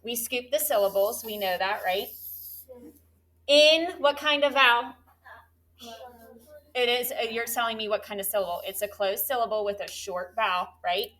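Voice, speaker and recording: A woman teaching a third grade class in a classroom, leading call-and-response phonics drills with animated, coaxing questions. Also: a little high, moderate pace.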